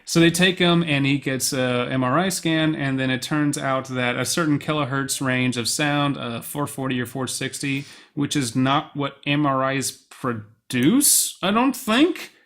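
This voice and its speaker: Casting: us man, podcast co-host, animated film recap, middle pitch. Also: measured pace, few pauses. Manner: animated storyteller, quotes lines in put-on voices. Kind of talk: casual chat, film recap.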